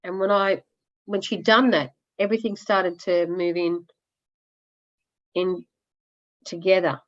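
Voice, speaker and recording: On a casual group coaching call, a client with a fairly low voice shares her progress, loud, candid and animated, tossing in blunt asides at an unhurried pace. Her audio sounds muffled and lo-fi, as if coming over a web call.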